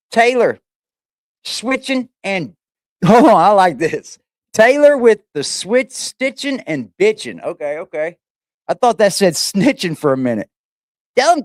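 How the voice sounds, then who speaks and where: A man's voice: sits high, no echo, studio quality. Playful, slangy man hosting a livestream. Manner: loose and playful, greets chatters in sing-song calls; profane, slangy. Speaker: livestream host. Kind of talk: casual live-chat roll call. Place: home. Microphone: fixed camera on a stabilizer.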